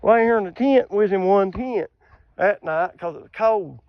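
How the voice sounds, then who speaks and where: This man's voice sits high and moves at a normal pace, captured in a muffled recording without echo. He's an outdoorsman on a ridge trail showing his hunting land, casually spinning rambling, folksy yarns to the camera and chuckling at his own jokes.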